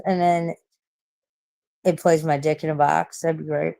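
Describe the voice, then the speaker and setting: A woman's voice: low-pitched, normal speed, gravelly, dark tone. A woman in her forties chatting casually on a late-night live stream, rambling, swearing a lot and laughing at herself. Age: 40s.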